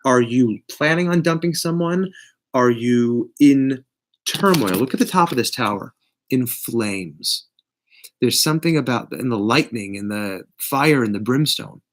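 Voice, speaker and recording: A man giving a casual live tarot reading, blunt and profane, with big swings in pitch and loudness. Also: lively intonation, measured pace, long pauses. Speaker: tarot reader.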